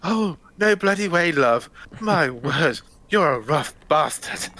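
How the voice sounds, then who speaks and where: A man putting on a cantankerous older actor who swears in a gruff, exasperated way. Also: a little high, expressive, takes it slowly, sharp tone, pitched above the performer's own voice, exaggerated voice. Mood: indignant.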